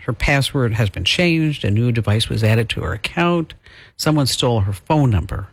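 A man's voice: mid-range voice, lively intonation, normal speed, creaky, husky, no room sound. A man hosting a talk show, setting up a story and steering the guest with questions.

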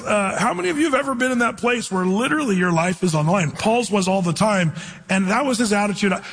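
A man's voice: high voice, fairly bright tone, slightly rough, big-room sound. A man preaching a sermon, teaching from the Bible in a conversational way with stories from his own life. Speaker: pastor.

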